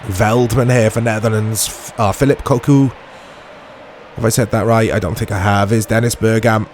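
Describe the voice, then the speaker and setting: A man's voice: lowish voice, normal speed, a little hiss or hum. Chatty man with game commentary. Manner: chatty, jokey, laughs often; bursts into excited play-by-play. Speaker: gaming channel host. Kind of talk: let's play commentary.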